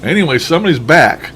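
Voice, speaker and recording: His voice fairly high, pushed and bright, the man comments casually on his paranormal recordings during playback. Chuckling and musing, he swears occasionally, and some hiss or hum is audible.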